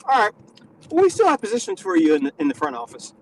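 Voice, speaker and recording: A man hosting a live stream, teasing his guest with mock-serious, deadpan lectures in casual banter. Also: high voice, fast, slight background noise, poor audio. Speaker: stream host.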